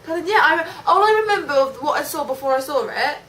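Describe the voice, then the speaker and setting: A woman's voice: high voice, expressive, fast, fairly bright tone, far from the mic. A young woman co-hosting a casual chat about wrestling, earnest and playfully stubborn. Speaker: wrestling show co-host.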